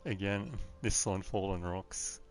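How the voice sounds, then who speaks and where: Faint music plays behind this Australian gaming livestreamer, whose low voice stays steady at a measured pace. His gameplay commentary is casual, and he tends to ramble off into rants.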